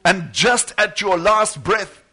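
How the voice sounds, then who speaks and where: Man in the pulpit, high and bright, preaches with fervor and acts out quotes. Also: expressive, slow pace, husky. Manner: fervent preaching, retelling stories with acted quotes. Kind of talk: sermon.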